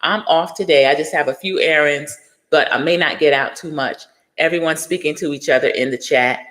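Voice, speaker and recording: A woman's voice: lowish voice, fairly bright tone, long reverb tail. A middle-aged woman hosting a casual livestream, chatting and greeting viewers by name. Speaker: livestream host.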